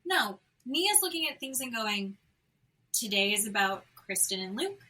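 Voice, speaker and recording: A woman's voice: a little high, a little slow, poor audio. A woman co-hosting a podcast, chatting casually and bluntly about reality TV, swearing freely and acting out what others said. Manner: blunt, swears freely, animated retelling with mimicked quotes. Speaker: podcast co-host. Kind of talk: casual chat recapping reality TV.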